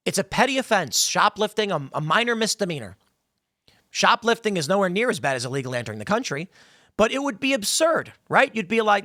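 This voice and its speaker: Very animated and brisk, a man with a high-sitting, sharp-toned voice hosts a political commentary podcast, heated and emphatic, slipping into mocking impressions as he quotes others. The sound is dry and clean, studio quality.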